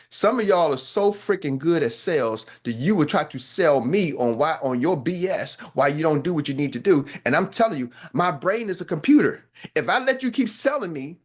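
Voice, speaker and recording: A man's voice: a little high, very animated, normal speed, breathy edge. A man giving a motivational talk as a business coach, blunt and colloquial, repeating phrases for emphasis.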